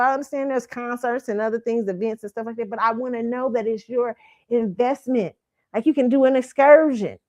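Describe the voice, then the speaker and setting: A woman hosting her own pop-culture commentary stream, talking bluntly with plenty of swearing, frequent laughs and repeated "okay?". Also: on the high side. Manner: blunt and profane, laughs often, keeps asking "okay?". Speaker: show host. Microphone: streaming setup mic.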